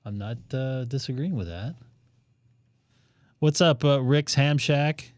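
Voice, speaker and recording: A man with a medium-pitched voice takes his time, hosting a ham radio stream with a dry, close sound and no room echo. In this casual live-stream chat, he jokes and rambles, thinking aloud as he browses.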